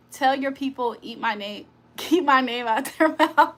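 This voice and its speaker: A woman chatting on a live stream with a bright, forceful edge to her slightly high voice. She reads out viewer comments and jokes with them, and laughs often. Her talk is loose and full of slang. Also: a little slow. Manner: playful, joking, laughs often. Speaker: livestream host. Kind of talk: casual live-stream chat, reading comments aloud.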